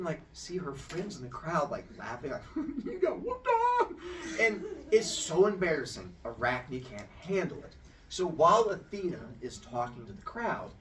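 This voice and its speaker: A man telling a story in a casual, animated way, acting out voices and sounds. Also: fairly high pitch, far from the mic, a little hiss or hum.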